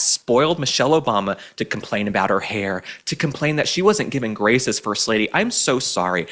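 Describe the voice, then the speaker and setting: Animated, sarcastic male political commentator. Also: medium pitch. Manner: sarcastic, mocking, indignant. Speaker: host.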